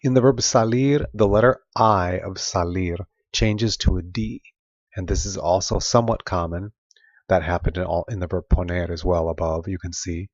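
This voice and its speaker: A man teaching a recorded Spanish grammar lesson, explaining patiently and repeating example phrases slowly. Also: sits low, steady tone, dry recording. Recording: dull lo-fi sound, dry.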